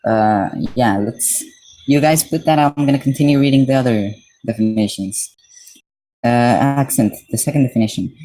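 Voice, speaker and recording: A man's voice: mid-range voice, moderate pace, mellow, low-quality recording. A man from Mexico streaming live, reading dictionary definitions aloud and breaking off to chat casually with his viewers.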